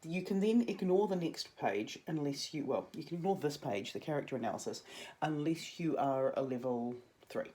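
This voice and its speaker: Chatty New drama teacher, a young woman with a mellow tone, talking students through their work. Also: low voice, lively intonation, moderate pace. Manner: chatty, jokey asides. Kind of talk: casual video lesson to students.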